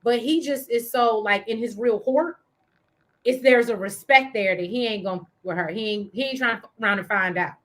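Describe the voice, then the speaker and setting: A woman's voice: a little high, moderate pace. A woman co-hosting a casual TV recap show, reading viewer comments aloud and laughing as she talks.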